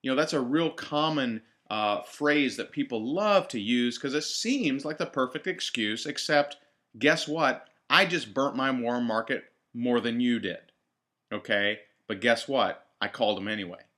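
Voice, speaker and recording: Brief: male trainer, bright tone, direct coaching delivery, repeats key lines for emphasis. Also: medium pitch, measured pace. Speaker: network marketing trainer. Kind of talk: team training talk.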